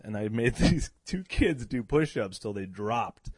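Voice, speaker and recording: A man telling stories in casual chat, animated and laughing, acting out the voices of people he quotes. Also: medium pitch, measured pace, breathy edge, no echo, clean studio sound. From New England. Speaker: guest, event emcee. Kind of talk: casual storytelling.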